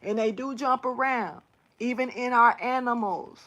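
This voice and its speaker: A woman spiritual reader telling a story casually to her camera, animated and slangy, swearing and talking straight to her viewers. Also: fairly high pitch, moderate pace.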